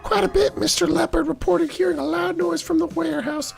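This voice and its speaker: A shrill, sarcastic noir cop. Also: male voice, fairly quick, vocal fry, soft background music, exaggerated voice. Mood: snarky. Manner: snarky, deadpan put-downs. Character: shrill sarcastic police officer, animal noir world. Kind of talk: voicing game dialogue.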